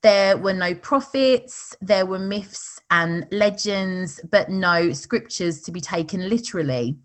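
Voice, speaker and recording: A woman's voice: medium pitch, slow pace. A woman co-hosting a podcast in casual chat, chatty with frequent laughs and fillers. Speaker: podcast co-host.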